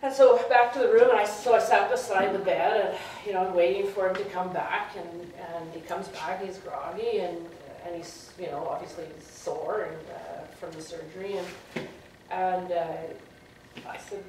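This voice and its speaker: A middle-aged woman telling a personal story to a live audience, halting and often repeating herself. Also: lowish voice, steady tone, a little mellow, a little hiss or hum. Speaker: storyteller at a public talk. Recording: very echoey room from a distant mic.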